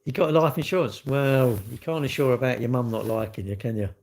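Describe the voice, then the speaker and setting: A man's voice: medium pitch, fast, a little mellow. A man hosting a live stream, chatting and joking with viewers in cheeky banter that jumps from topic to topic.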